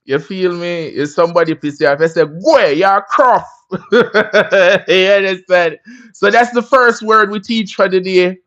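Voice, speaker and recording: A man's voice: high-pitched, unhurried, a bit bright. Jamaican man chatting on a lo-fi livestream. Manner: laid-back, chatty, tags lines with "you understand me?". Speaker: livestream host. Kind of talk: casual livestream chat.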